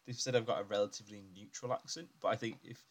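A man's voice: fairly low pitch, fairly even intonation, quick pace. A man from England chatting casually on a podcast, rambling and thinking aloud with lots of fillers. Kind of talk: casual chat.

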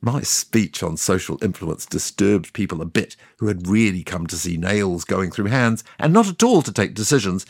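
An actor playing God as a sardonic narrator, telling the story in a scripted comic style with offhand asides. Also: male voice, low voice, lively intonation, normal speed, few pauses, slightly rough, no echo, clean studio sound, heavily acted. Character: God as a sardonic, boastful narrator, ageless man.

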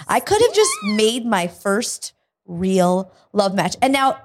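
A woman's voice: medium pitch, a little slow. A woman co-hosting a podcast, telling stories in a casual chat and laughing often. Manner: laughs often, animated storytelling. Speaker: podcast co-host.

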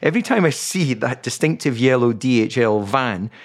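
A man's voice: medium pitch, lively intonation, normal speed. A man co-hosting a podcast in casual chat, teasing his partner wryly and reading out listener questions. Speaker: podcast co-host.

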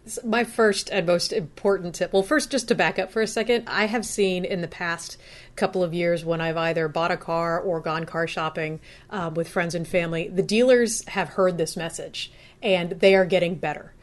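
A woman's voice: lowish voice, fairly even intonation, moderate pace. A woman giving casual, practical advice in an easygoing conversational way, acting out what a buyer might say. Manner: chatty, practical, acts out buyer's inner voice. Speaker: car buying expert guest.

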